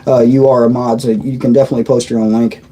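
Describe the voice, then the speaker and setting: A chatty man in his 30s from Indiana, USA, reads comments on a casual live stream, joking, laughing often, and stumbling and restarting his sentences. His medium-pitched voice is flat, fast, and mellow, and the recording quality is low.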